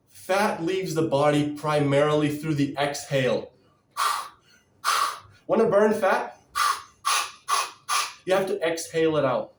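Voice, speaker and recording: Fired-up sarcastic man ranting. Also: fairly high pitch. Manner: sarcastic, fired-up, profane, mocks viewers in quoted voices. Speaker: diet vlogger. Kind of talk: ranting to-camera vlog. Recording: roomy echo, distant from mic.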